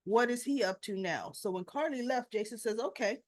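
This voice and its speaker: A woman's voice: on the high side, moderate pace. A woman recapping soap opera scenes in a casual, chatty way, retelling the dialogue line by line.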